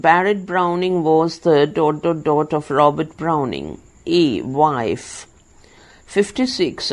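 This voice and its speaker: A reader recording a study book for blind listeners, calmly reading quiz questions and answers aloud in dictation style, speaking punctuation marks and spelling out some words letter by letter. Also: medium pitch, poor audio.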